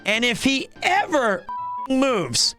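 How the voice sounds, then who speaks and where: A man in his thirties chatting casually on a live stream, animated and rambling with lots of restarts. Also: very high voice, slow pace, music in the background. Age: 30s.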